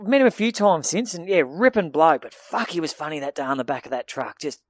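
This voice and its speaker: A man's voice: fairly high pitch, fairly quick, no echo. A young Australian man co-hosting a podcast, telling rambling stories in a casual, sweary way with lots of restarts. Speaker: podcast co-host. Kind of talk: casual chat.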